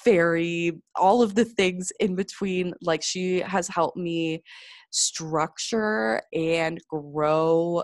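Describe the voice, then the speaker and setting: A woman podcast host with a low, deep-set voice, gushing and excitable, her talk full of likes and ums. The sound is dry and close, with no room around it. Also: very slow, dry recording. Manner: gushing, excited, many fillers. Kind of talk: casual podcast chat.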